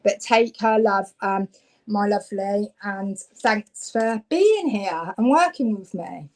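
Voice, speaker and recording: A woman's voice: mid-range voice, slow, a little hiss or hum, rough recording. A woman from Devon, giving chatty live psychic card readings and talking to viewers. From Devon, England. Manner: chatty, warm-hearted, gets louder when excited.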